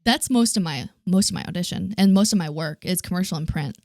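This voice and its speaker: A woman who works as an actor, a guest in a casual podcast chat, talking in a relaxed way with lots of "like". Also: lowish voice, a little fast, no room sound, studio quality. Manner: casual, heavy use of "like". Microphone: studio microphone, close.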